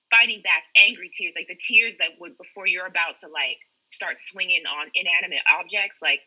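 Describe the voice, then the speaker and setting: A woman medical student speaks on a casual podcast panel. Her voice sits low but sounds bright and edgy, with a breathy grain. She tells her story candidly and with strong feeling. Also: low-quality recording.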